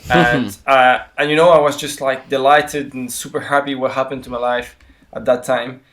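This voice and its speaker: Swiss man telling stories, halting. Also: mid-range voice, level tone, fairly bright tone. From Switzerland. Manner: storytelling with many fillers and restarts. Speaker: guest footballer. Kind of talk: casual podcast interview.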